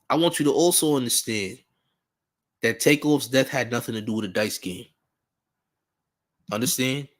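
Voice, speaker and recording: A man's voice: mid-range voice, fairly bright tone. Slangy, mocking male commentary host. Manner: slangy, mocking, riffs and repeats phrases. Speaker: host of a news commentary channel. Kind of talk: casual commentary on celebrity news.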